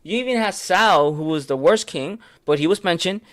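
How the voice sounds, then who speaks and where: Hesitant man, slightly high voice. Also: moderate pace, a bit bright, no echo, clean studio sound. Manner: hesitant, filler-heavy, stumbles over terms and corrects himself; answers viewers' comments in passing. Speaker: livestreamer leading a Bible study. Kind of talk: casual late-night study talk.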